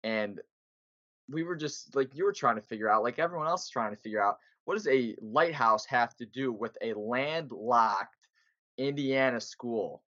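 A man co-hosting a podcast in casual sports chat, animated and pressing with emphatic questions. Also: mid-range voice, moderate pace, no echo. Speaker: podcast co-host. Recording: dull lo-fi sound.

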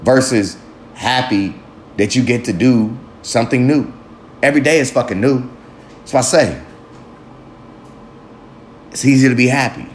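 A man's voice: medium pitch, normal speed, long pauses, a little hiss or hum. Profane man riffing in an echoey room. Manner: heavily profane, emphatic, talks to himself. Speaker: vlog host. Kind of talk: casual motivational monologue. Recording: echoey room with faint ambience.

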